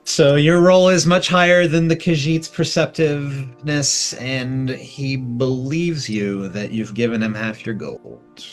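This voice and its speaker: A man narrating a tabletop fantasy game as game master, measured and explanatory. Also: mid-range voice, faint music behind. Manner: measured, explains rolls and outcomes.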